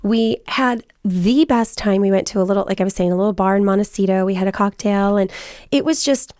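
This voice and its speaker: A woman's voice: mid-range voice, fairly quick, dry recording. Casting note: woman in her 40s, chatty storyteller host, dry close sound. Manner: chatty storytelling, quotes people in lively voices. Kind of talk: casual chat.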